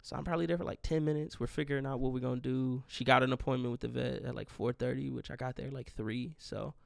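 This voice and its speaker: A man's voice: medium pitch, fairly even intonation, fast talker, gravelly, no room sound. A man in his twenties hosting a podcast, telling a rambling, profane, grieving story in a casual monologue. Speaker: podcast host.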